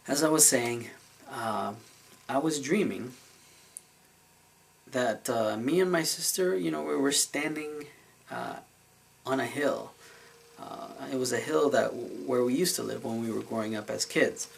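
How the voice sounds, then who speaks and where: A man's voice: mid-range voice, measured pace, gravelly, pauses often, breathy edge, poor audio. A man telling a dream story in a casual vlog, earnest and emotional, rambling with many fillers and restarts. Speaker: vlogger recounting a dream.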